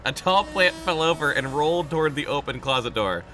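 A man reading a children's horror story aloud in a casual group, animated and quick to react. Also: a little high, music in the background. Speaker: reader in a group read-aloud.

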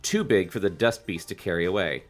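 Chatty, animated man co-host. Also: low-pitched, a little fast, soft background music. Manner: chatty, swearing, enthusiastic. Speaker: podcast co-host reading a book aloud. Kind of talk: casual chat and read-aloud.

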